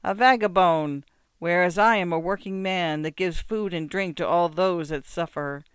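A man's voice: sits high, moderate pace, smooth, no room sound, studio quality, close to an everyday voice. A man voicing a drunk, grieving peasant who pleads and threatens through tears. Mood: anguished. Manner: loud, tearful, pleading and threatening.

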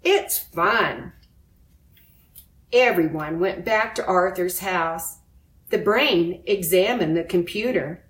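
A woman reading a children's storybook aloud in a slow, clear storytelling manner. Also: fairly low pitch. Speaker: narrator. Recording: roomy echo.

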